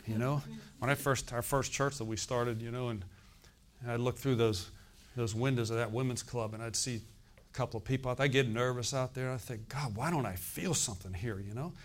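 An older male pastor preaching from the pulpit, swinging between loud, acted-out story dialogue and hushed, personal asides. His voice sits at an ordinary middle pitch for a man. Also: brisk. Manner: animated storytelling, acting out quoted dialogue with rising pitch and volume; drops into quiet, confiding asides. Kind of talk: sermon. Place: church.

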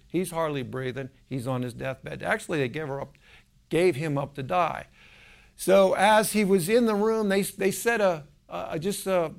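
A man preaching a sermon, telling a healing story with animated delivery and acting out the voices of the people in it. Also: on the high side, vocal fry.

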